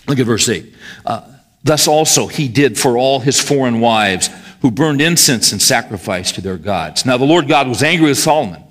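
A man's medium-pitched, fairly bright voice leads a sermon. The middle-aged pastor keeps it conversational, often posing questions to the congregation.

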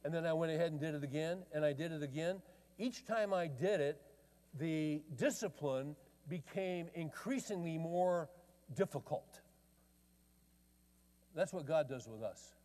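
A man's voice: fairly high pitch, unhurried, pauses often, a little mellow. An older man preaching a sermon in a folksy, conversational way, telling family stories and often restarting his phrases. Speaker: pastor. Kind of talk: storytelling sermon. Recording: long reverb of a large hall.

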